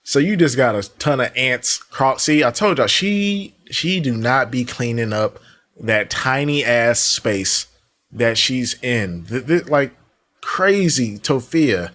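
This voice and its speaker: Slow-talking, slangy male commentator. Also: mid-range voice, expressive, fairly bright tone. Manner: slangy, exasperated and mocking. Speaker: commentary channel host. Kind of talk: casual reaction commentary.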